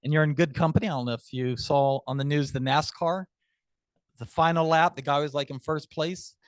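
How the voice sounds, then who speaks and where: A man's voice: on the high side, fairly even intonation, moderate pace, clear, resonant tone, dry recording. A man leading table topics at a club meeting, chatty and upbeat with storytelling asides.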